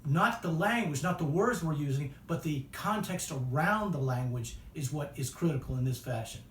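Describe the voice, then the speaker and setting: A man's voice: fairly high pitch, lively intonation, normal speed. Man lecturing in an echoey room. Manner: conversational, with many "you know" fillers and restarts. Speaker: public speaking instructor. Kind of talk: extemporaneous lecture. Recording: echoey room, mic at a distance, faint noise.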